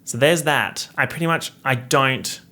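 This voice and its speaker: A young man hosting a casual solo podcast, joking in a campy, sarcastic way with big swings in pitch, speaking into a studio microphone. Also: unhurried, pushed and bright. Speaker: podcast host.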